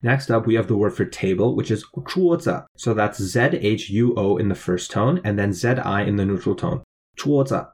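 A man's voice: on the low side, steady tone, brisk, hardly any pauses, a little mellow. A man co-hosting a language lesson, spelling out each word and explaining its meaning step by step. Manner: clear, methodical explanation. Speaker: language teacher co-host.

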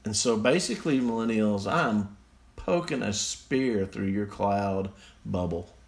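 A man's voice: lowish voice, unhurried, creaky. A man reading out slang definitions and mocking them in a casual, sarcastic way, recorded on a phone. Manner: sarcastic, mocking, easily amused. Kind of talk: casual solo commentary.

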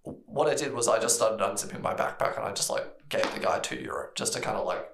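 A man's voice: lowish voice, expressive, fast talker, gravelly, a bit bright, reverberant, slight background noise. A man from Australia with an Australian accent, co-hosting a casual chat and telling a long story, often laughing and slipping in bits of other people's voices. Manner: rambling, laughs often, mimics people in stories. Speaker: podcast co-host.

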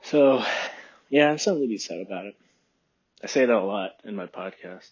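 A man from Texas hosting his podcast in a rambling, relaxed chat, with a phlegmy throat he keeps clearing. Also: fairly low pitch, a little fast, highs cut off. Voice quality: phlegmy, husky. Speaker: podcast host. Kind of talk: casual solo podcast chat. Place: room by a window.

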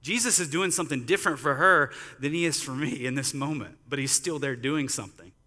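Bright-voiced man preaching in a church. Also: a little high, a little fast, long reverb tail. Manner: conversational storytelling, many "like" fillers. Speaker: pastor. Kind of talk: sermon. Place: church sanctuary.

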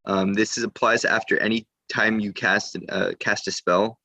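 Low-voiced man explaining game strategy. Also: little pitch movement, normal speed, bright, forceful tone, no echo. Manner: explanatory, with fillers and restarts. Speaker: podcast co-host. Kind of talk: casual gaming strategy talk.

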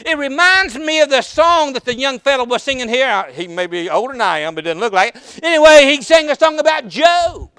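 A man preaching a sermon in a folksy, storytelling way that builds to impassioned, shouted passages. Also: very high-pitched, expressive, fairly quick, few pauses, dry recording, clean studio sound.

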